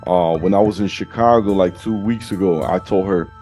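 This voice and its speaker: A man hosts a casual podcast chat in a low, warm, mellow voice. He talks loosely and slangily, tossing in "you know" constantly. Soft music plays faintly behind him. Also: moderate pace. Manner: casual, slangy, peppered with "you know what I'm saying". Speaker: podcast host.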